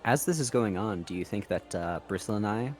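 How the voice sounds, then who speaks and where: A man's voice: lowish voice, animated, fairly quick, darkish tone, soft background music. Man playing a tabletop game. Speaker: player.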